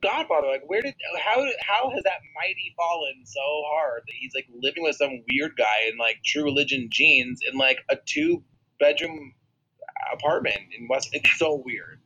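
A man co-hosting a podcast in casual chat, animated and jokey. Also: on the high side, moderate pace, husky, highs cut off. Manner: animated, jokey, breaks into mock voices. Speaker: podcast co-host.

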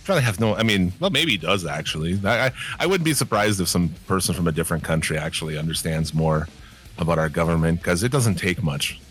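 A man co-hosting a casual chat podcast, telling animated stories full of profanity. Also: low voice, fast talker, soft background music.

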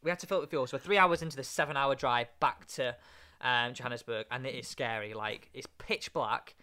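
Young guy, bright voice, acts out the lines while he tells the story. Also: medium pitch, a little fast. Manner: animated, acts out other voices. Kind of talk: casual anecdote.

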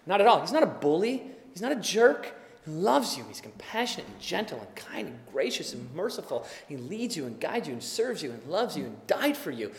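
A man preaching a sermon as pastor, impassioned and building to emphatic, forceful delivery. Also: a little high, very animated, fairly quick, big-room sound.

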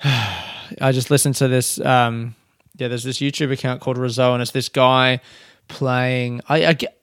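A man talks alone into a podcast mic in his room, rambling from thought to thought and poking fun at himself, with the odd curse thrown in. His voice sits at an ordinary middle pitch. The sound is dry and close, with almost no room echo. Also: little pitch movement, measured pace, fairly bright tone, clean tone. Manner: rambling, self-mocking, swears freely. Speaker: podcast host and comedian. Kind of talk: casual solo podcast chat. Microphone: desk podcast mic.

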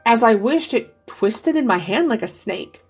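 A woman's voice: fairly high pitch, expressive, measured pace, slightly rough, full character voice. A woman voicing an older man in a story reading, curious and eager in his questions. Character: curious, eager old father at home.

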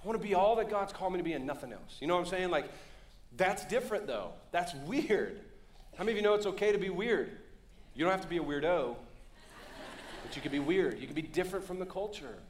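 A man preaching a lively sermon as pastor, joking and calling on the congregation to respond. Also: sits high, fast talker, roomy sound, slight background noise. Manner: joking, calls for audience response. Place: church sanctuary.

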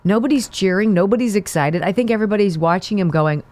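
A woman's voice: mid-range voice, fast talker, a little mellow, no room sound. A woman hosting a political talk show, delivering sarcastic, mocking commentary.

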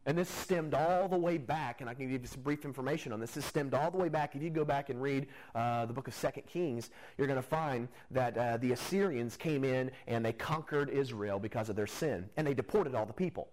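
A man preaching a sermon at a middle pitch. He talks conversationally, walking listeners through a Bible passage, and now and then lifts his voice for emphasis. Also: fairly quick, hardly any pauses, darkish tone, low-quality recording. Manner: conversational preaching, rising emphatically at key points. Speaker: pastor.

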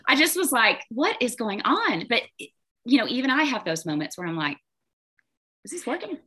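Woman coach chatting in an interview, bright tone, acts out her inner voice. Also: a little high, sing-song, brisk. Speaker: guest, business coach. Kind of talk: casual interview talk.

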